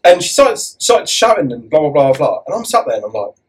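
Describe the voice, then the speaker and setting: A man hosting a podcast, telling stories in an animated, laughing way. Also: fairly high pitch, a little fast, distant mic, poor audio. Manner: animated storyteller, laughs often. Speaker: podcast host. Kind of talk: casual chat.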